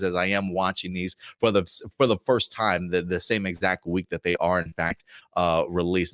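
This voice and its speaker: A man's voice: fairly low pitch, a bit bright, no echo, studio quality. A man hosting a show where he reviews TV episodes, talking casually with enthusiasm and rambling through many restarts.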